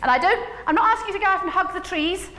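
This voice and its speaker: High-voiced woman giving a hall keynote. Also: rapid-fire. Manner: animated, humorous, coaxing the audience to join in. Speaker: keynote speaker. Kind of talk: conference keynote talk. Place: large conference hall. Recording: echoey hall, faint ambience.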